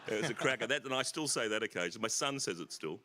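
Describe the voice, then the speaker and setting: On a festival stage before an audience, an Australian author spins rambling, self-deprecating anecdotes and often laughs at his own jokes. His mid-range voice is expressive and sharp-toned, racing along. There's slight background noise.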